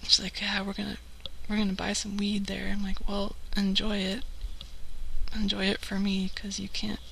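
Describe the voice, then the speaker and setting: Woman from California, casual storyteller, gravelly fry, bright edge, lots of "like". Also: mid-range voice, monotone, normal speed, slight background noise, low-quality recording. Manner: chatty, acts out quoted people, many "like" fillers. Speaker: live stream host.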